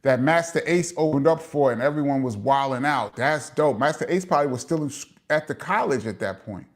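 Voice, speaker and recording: A man's voice: medium pitch, brisk. Middle-aged man, New York accent, casual livestream host, long-winded, reads chat aloud. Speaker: host of a live chat show. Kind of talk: casual livestream chat, reading viewer comments.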